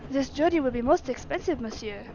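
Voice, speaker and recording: A young French manservant, eager and fretful, speaking in a French accent, as a woman reads game dialogue aloud. The voice sits high, and the stream audio is dull and lo-fi. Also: animated, brisk, background noise. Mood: earnest.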